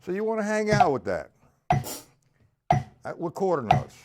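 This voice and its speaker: A man's voice: high voice, sing-song, moderate pace, noisy background. A middle-aged man teaching a live-streamed drum lesson, patiently explaining and counting aloud as he plays.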